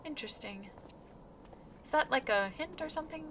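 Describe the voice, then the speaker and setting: A young woman chatting playfully and excitably while playing a game at home. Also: high voice, normal speed, pauses often, a little hiss or hum. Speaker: gaming creator. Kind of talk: casual gameplay commentary. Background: game music.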